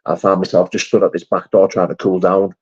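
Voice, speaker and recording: A man's voice: low-pitched, completely flat delivery, brisk, darkish tone, slightly rough. Chatty man on lo-fi stream. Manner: chatty, matey, calls viewers mate and brother. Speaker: live stream host. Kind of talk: casual live chat reading comments. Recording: dull lo-fi stream audio.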